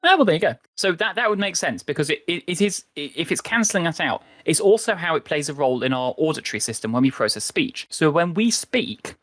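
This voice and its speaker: A man's voice: on the high side, very animated, fast talker, hardly any pauses, fairly bright tone, no echo, studio quality. A man hosting a casual podcast chat, explaining ideas at length in a rambling way and laughing often. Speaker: podcast host and editor.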